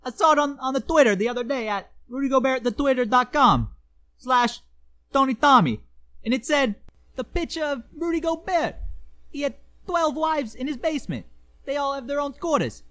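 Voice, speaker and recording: A woman's voice: sits high, expressive, normal speed, a bit bright. A woman co-hosting a comedy podcast, trash-talking with brash, mocking, exaggerated outrage. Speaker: podcast co-host.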